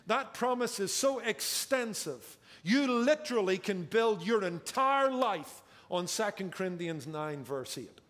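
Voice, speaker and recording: A man's voice: high-pitched, animated, a little slow, few pauses, fairly bright tone. A man preaching a sermon as pastor, emphatic and drawing out key words for effect, recorded in a church sanctuary. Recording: church hall with long reverb.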